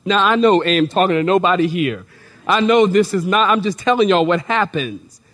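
A man preaching a sermon in a church sanctuary, telling jokey stories in an animated way. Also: high voice, moderate pace. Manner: animated, joking storytelling. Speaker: pastor.

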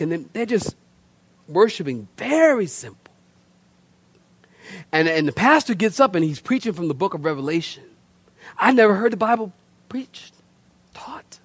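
A man's voice: high-pitched, very animated, moderate pace, pauses often, fairly bright tone, husky. A middle-aged man preaching a humorous, storytelling sermon in a church, often repeating words as he goes. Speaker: pastor.

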